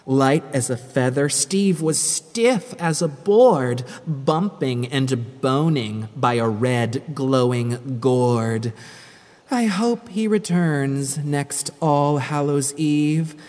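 A woman's voice: extremely low pitch, expressive, slow pace, a little mellow. A woman reading a rhyming spooky story with a dramatic, sing-song delivery. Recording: long hall-like reverb.

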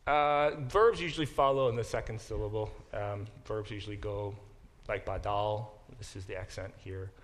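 A man teaching a Bible class as a professor, thinking aloud with restarts and slowing down to sound out Hebrew words. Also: lowish voice, fairly bright tone. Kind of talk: classroom lecture.

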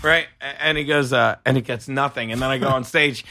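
A man hosting a comedy podcast, telling stories in a loud, animated way, breaking into shouted impressions and laughter. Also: mid-range voice, brisk, dry recording. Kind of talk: casual storytelling chat.

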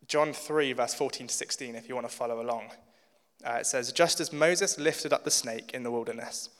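A man's voice: medium pitch, clean tone. Young guy giving a laid back sermon, lots of ums, echoey church hall. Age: young adult. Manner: relaxed, informal, many fillers. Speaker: church speaker. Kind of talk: sermon with scripture reading. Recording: long church reverb.

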